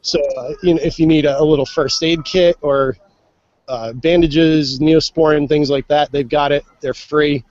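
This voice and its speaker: A man's voice: a little high, steady tone, moderate pace, darkish tone, no room sound, highs cut off. A man giving a casual, chatty report from outdoors at a festival, with plenty of fillers. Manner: easygoing, chatty, many fillers. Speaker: on-site reporter calling into a live show. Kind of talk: casual live walk-around report.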